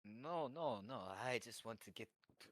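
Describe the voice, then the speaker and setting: A man's voice: mid-range voice, a little slow, no room sound, studio quality, natural voice. A man voicing a young man who puts on an exaggerated, bad Spanish accent in a tabletop role-play. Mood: hesitant.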